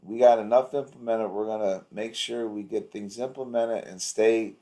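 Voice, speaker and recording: Low-voiced man giving a rambling pep talk. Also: fairly even intonation, moderate pace, mellow. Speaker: practice coach. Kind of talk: casual coaching chat. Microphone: video call.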